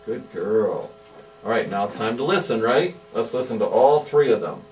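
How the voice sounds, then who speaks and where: Speaking in a mid-range, darkish voice at normal speed, a speech therapist animatedly guides a small child through voice exercises. Her praise is sing-song and encouraging. It's recorded in an indoor therapy room on a distant mic with faint mains hum.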